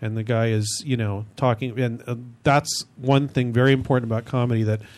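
A man's voice: medium pitch, fairly even intonation, fairly quick, a little mellow. A man hosting a casual chat about comedy, rambling with many restarts. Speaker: host.

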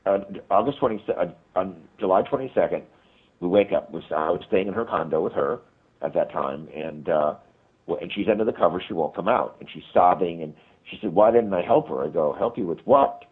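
A man tells a long story as a radio guest over a tinny phone line. His voice is very deep and husky. He rambles and restarts often, but he retells it with energy. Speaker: guest, paranormal investigator and author.

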